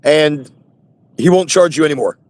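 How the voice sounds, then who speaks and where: A man's voice: on the high side, normal speed. A man hosting a casual live chat from his phone in his truck, rambling and repeating himself. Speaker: host.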